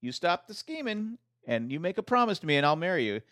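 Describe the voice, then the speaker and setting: A man voicing a crooked male railroad tycoon with a slow, pirate-like drawl. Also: sits high, big pitch swings, a bit bright, no echo, studio quality, pitched above the performer's own voice. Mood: earnest.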